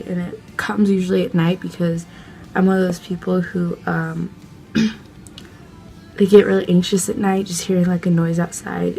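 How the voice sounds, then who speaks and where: A young woman vlogger excitedly telling a casual story, gushing and full of fillers. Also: lowish voice, gravelly.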